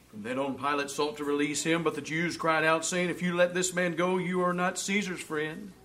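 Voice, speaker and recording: A man preaching a sermon, reading scripture aloud, asking rhetorical questions, and swinging between loud emphasis and hushed asides. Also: high voice. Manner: asks the congregation rhetorical questions.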